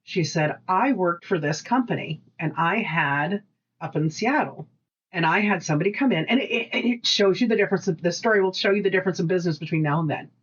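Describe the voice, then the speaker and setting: A woman co-hosting a casual podcast, telling animated work stories, acting out voices and swearing freely. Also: on the low side, a little fast, husky, lo-fi sound. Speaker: podcast co-host. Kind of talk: casual storytelling chat.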